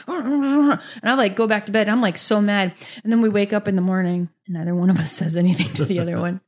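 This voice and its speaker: A woman casually telling a story on a podcast, animated, swearing freely and acting out her own angry shouting. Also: fairly high pitch, brisk, few pauses.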